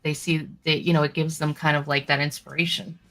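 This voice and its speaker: Low woman, talk show cohost, lots of you know and um, reads news out. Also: little pitch movement, fairly quick, fairly bright tone. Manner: chatty, many fillers like "you know" and "um". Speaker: podcast co-host. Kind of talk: casual political talk, reading news aloud.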